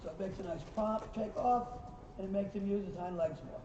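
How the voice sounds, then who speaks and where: A man with a high, mellow voice teaches a riding lesson, praising the horses and calling corrections to the riders. He sounds distant in a reverberant arena. The recording is dull and slightly noisy. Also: a little fast. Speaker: riding instructor. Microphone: recorder far from the speaker.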